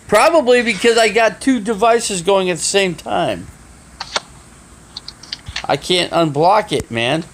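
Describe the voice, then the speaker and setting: A man live streaming from his phone, flustered and swearing as he talks in a casual, halting way. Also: high-pitched, slight background noise. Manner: flustered, swearing, restarting sentences.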